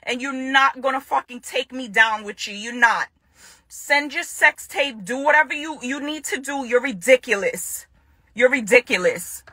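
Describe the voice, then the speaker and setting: Jamaican lady vlogging, fired up and repeating herself, bright sharp voice pitched a bit high. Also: moderate pace, breathy edge, dry recording. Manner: confrontational, repeats her phrases for emphasis. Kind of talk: direct-to-camera vlog rant.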